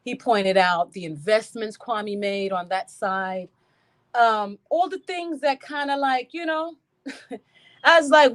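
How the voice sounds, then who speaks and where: Animated high-voiced woman streamer. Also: slow pace. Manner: animated, laughing, cursing, greeting chat by name. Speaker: live stream host. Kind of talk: casual live stream chat.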